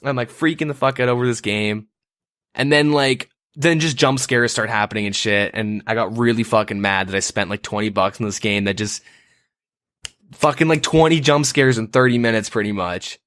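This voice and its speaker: A man's voice: mid-range voice, normal speed, fairly bright tone, no echo, clean studio sound. A man co-hosting a podcast, telling a story in casual banter, profane and rambling with lots of fillers. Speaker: podcast co-host.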